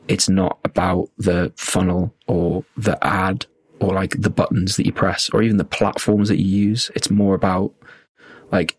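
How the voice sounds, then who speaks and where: A man's voice: sits low, breathy edge, no echo. A man co-hosting a podcast, chatting casually and rambling with fillers. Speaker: podcast co-host.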